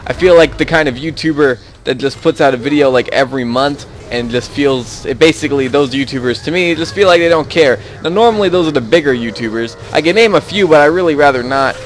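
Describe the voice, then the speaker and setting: A man's voice: medium pitch, moderate pace, soft background music. Rambling young man commentating gameplay. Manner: rambling, easily sidetracked, chuckling often. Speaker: gaming YouTuber.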